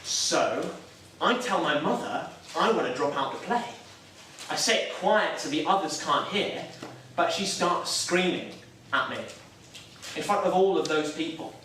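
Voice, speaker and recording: A man's voice: on the high side, animated, unhurried, pushed and bright, a little hiss or hum. An actor playing a nervous, self-doubting young Catholic man, talking in a hesitant, wry, self-deprecating way in a stage drama. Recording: echoey room, mic far off.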